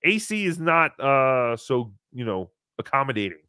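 A man's voice: mid-range voice, very animated, moderate pace, pushed and bright, clear, resonant tone, no room sound, studio quality. A man hosting a call-in podcast, chatting casually in a wry, rambling way and swearing freely. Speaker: podcast host taking calls.

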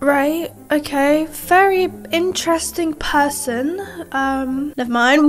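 A woman's voice: high-pitched, steady tone, takes it slowly, loud music behind the voice. A young woman giving casual gameplay commentary, chatty and rambling with a sarcastic streak. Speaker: gaming YouTuber.

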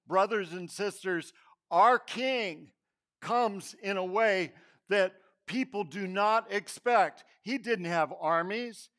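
High-voiced man preaching a sermon. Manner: storytelling, with acted-out quotes and dropping to a hushed voice. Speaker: pastor. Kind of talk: Palm Sunday sermon. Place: church.

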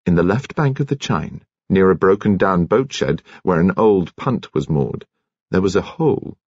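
A deep, husky male voice narrating an audiobook with measured, expressive storytelling. The sound is dry and close, slightly dulled in its highs. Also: dry recording, dull audio.

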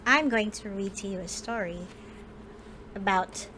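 A woman teacher reading a picture book aloud to children, slow and expressive. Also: medium pitch, a little hiss or hum, low-quality recording. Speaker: storyteller teacher. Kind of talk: read-aloud storytelling for kids.

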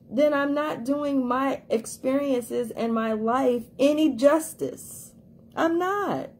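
A woman's voice: fairly high pitch, a little mellow. A woman life coach giving an emphatic motivational talk, repeating herself for emphasis and acting out quoted voices.

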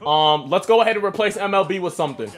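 Young male gaming streamer, slightly high and very lively voice, excitable and profane. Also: quick pace, soft background music. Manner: excitable, swears a lot, yells at plays. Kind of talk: casual gaming commentary.

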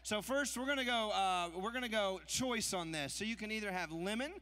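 A man working as auctioneer at a church fundraiser, rolling off bids in a quick rhythmic chant and teasing the crowd. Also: high-pitched, bright, forceful tone. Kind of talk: live charity auction calling.

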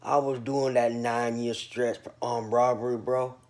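A man's voice: mid-range voice, flat delivery, unhurried, darkish tone. A man from North Carolina talking casually to camera as a vlogger, boastful and rambling in street slang, a little sleepy.

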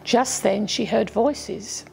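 A woman from England narrating a children's storybook aloud, gently voicing the characters' lines as she goes. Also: mid-range voice, slow, vocal fry, a little hiss or hum, low-quality recording. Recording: faint music behind.

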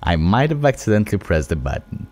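A young man giving excitable, profane let's play commentary, taunting enemies as he plays. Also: lowish voice, fast, noisy background. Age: young adult. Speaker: gaming channel host. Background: game music.

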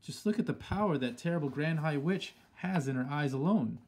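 A shrewd old grandmother, brisk and commanding, who can flare up with excitement, as a man reads her. Her voice has a husky edge and sits a little high.

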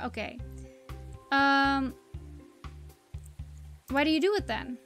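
High-voiced young woman playing a game. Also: animated, a little slow, long pauses, fairly bright tone. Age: young adult. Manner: chatty, wry asides. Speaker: game streamer. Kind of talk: let's-play commentary. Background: faint game music.

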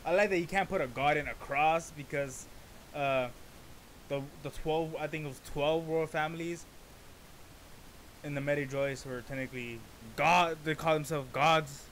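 A man casually reacting to a rap song, rambling through explanations and breaking into excited interjections. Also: on the high side, a little hiss or hum.

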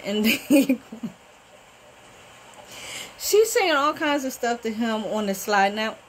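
A woman giving a casual, animated recap of a TV show, often talking back to the characters. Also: on the high side, a little hiss or hum, poor audio. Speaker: TV recap vlogger. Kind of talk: casual soap-opera recap.

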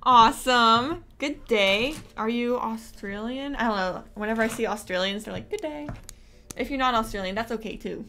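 A woman's voice: fairly high pitch, a little fast, hardly any pauses, pushed and bright, soft background music. A woman hosting a livestream, chatting casually and bubbly while building a toy set. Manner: bubbly, easily amused. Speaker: livestream host.

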